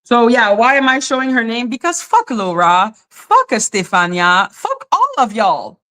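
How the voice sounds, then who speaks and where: A woman's voice: a little high, very animated, normal speed, bright, forceful tone. A woman hosting a livestream, ranting in a blunt, profane and taunting way. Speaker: livestream host. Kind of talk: confrontational live-stream rant.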